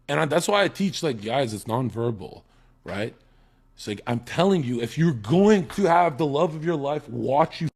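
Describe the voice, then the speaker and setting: A man in heated casual chat, profane and animated, acting out quotes as he talks. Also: mid-range voice, husky. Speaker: podcast guest.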